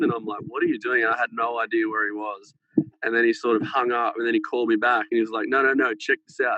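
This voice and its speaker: A man's voice: mid-range voice, sharp tone, no echo, muffled recording. A man guest on a podcast, telling a rambling, swear-filled anecdote in casual chat over a phone held close to his head. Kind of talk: casual storytelling. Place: farmhouse.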